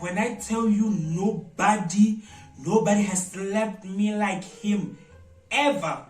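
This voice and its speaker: Animated South African man, roomy echo. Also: high-pitched, far from the mic. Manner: animated, dramatic storyteller with loud exclamations. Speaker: vlogger. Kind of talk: storytime vlog. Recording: roomy echo, voice away from mic, faint music.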